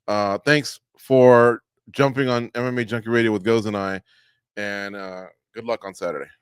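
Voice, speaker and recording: A man's voice: on the low side, steady tone, moderate pace, clean tone, no room sound, clean studio sound. A man hosting a radio interview, friendly and joking, hyping up his guest. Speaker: radio show host.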